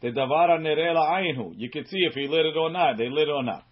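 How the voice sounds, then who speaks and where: Rabbi giving a lo-fi Talmud class. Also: male voice, a little high. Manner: reads Aramaic phrases slowly, then explains in quick English. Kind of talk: Talmud study lesson reading and translating. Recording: muffled lo-fi recording.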